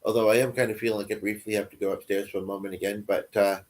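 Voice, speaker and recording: A man's voice: lowish voice, little pitch movement, racing. A man livestreaming in casual chat, answering viewers in a rambling, self-deprecating way and chuckling often.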